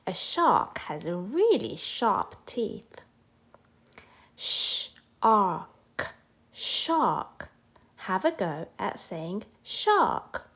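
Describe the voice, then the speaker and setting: Woman, children's phonics teacher, lively sing-song pitch, unhurried, spells words out clearly. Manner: slow, clear and sing-song, sounding out letters for young learners.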